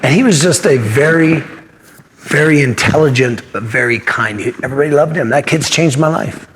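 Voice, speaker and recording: Speaking at normal speed in a mid-range, slightly bright voice, with slight background noise, a martial arts instructor in his fifties tells earnest personal stories during an interview. He acts out the dialogue of the people who appear in his anecdotes.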